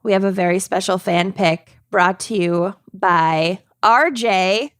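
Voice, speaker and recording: A woman co-hosting a casual podcast chat, laughing often and easily excited. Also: medium pitch, slow pace, clear, resonant tone, no room sound, clean studio sound. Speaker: podcast co-host.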